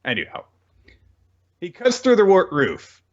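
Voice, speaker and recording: A man co-hosting a casual manga recap podcast, telling the story with lively retellings of the characters' lines. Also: high-pitched, unhurried, dull audio. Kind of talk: casual chapter recap chat.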